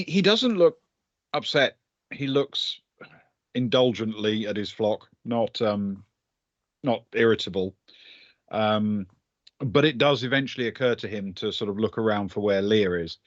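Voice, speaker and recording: A man narrating as game master in a tabletop game, measured with frequent hesitations. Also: on the low side, no room sound, lo-fi sound.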